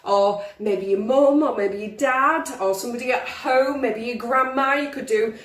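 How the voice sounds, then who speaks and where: A woman's voice: fairly high pitch, normal speed, far from the mic. A young woman teaching a drama lesson to pupils on video, encouraging them and demonstrating different voices. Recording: roomy, from the mic.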